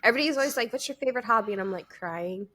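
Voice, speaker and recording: A young adult woman co-hosting a podcast and chatting candidly, telling animated stories with bursts of laughter. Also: a little high, rapid-fire. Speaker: podcast co-host and streamer. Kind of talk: casual podcast chat.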